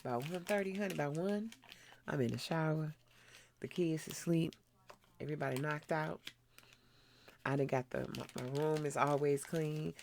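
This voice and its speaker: A woman's voice: low-pitched, normal speed, gravelly, pauses often, a little mellow, slight background noise. A middle-aged woman hosting her own channel, telling a frank, blunt story in casual chat while doing her skincare. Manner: frank, blunt, laughs often. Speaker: vlogger host.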